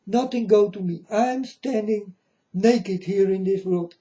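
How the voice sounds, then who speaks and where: Man, rambling preachy monologue, slightly high voice, muffled lo-fi sound. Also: dark tone. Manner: slow, repetitive, preachy, addresses viewers as folks. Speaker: self-styled prophet. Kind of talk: rambling religious monologue to viewers. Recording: dull lo-fi sound.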